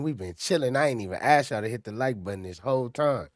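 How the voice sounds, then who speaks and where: A man's voice: medium pitch, fast, hardly any pauses, no room sound, studio quality. A man hosting a casual livestream, reacting to clips and urging his chat to hit the like button in loose, slangy talk. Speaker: livestream host.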